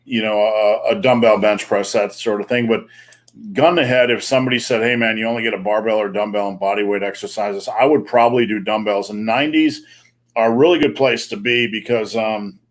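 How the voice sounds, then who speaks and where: A man's voice: fairly low pitch, steady tone, a little fast. Casual joking male live-stream host. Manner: casual, loose, joking, many fillers.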